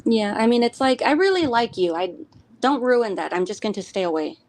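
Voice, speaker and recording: A woman's voice: on the high side, expressive, fairly quick, no room sound. A woman co-hosting a casual chat, listening closely and sometimes stumbling over her words. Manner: attentive listener, brief affirmations, self-conscious stumbling. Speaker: podcast co-host.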